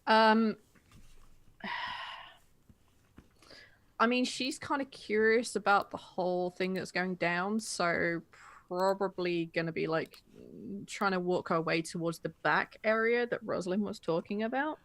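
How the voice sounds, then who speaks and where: A woman's voice: medium pitch, unhurried, pauses often, fairly bright tone. A woman player chatting casually during a tabletop role-playing game.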